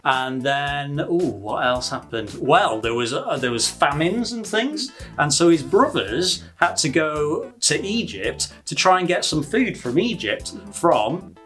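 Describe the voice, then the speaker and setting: An English woman chats her way through a children's bible lesson, animated and warm with the odd filler. Her mid-pitched voice moves freely up and down. Faint music sits underneath. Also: a little slow. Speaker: children's ministry presenter. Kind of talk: casual recap and rhyming story reading for kids.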